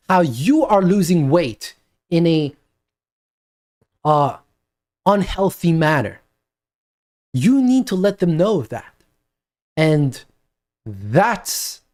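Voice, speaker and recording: Slow, animated male lecturer. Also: fairly high pitch. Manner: deliberate, emphatic, repeats points. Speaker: lecturer giving parenting advice. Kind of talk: spoken video lecture.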